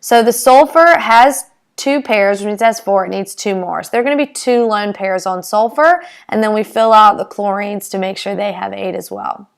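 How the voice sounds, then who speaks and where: A woman chemistry teacher, summarizing each problem in a brisk, plainly spoken way. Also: medium pitch, vocal fry, clear, resonant tone. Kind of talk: explaining with drawings.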